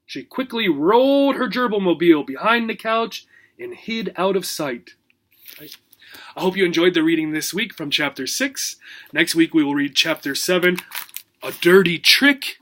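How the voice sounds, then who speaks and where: A male teacher reading a children's chapter book aloud for English learners, with expressive storytelling. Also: sits high, moderate pace.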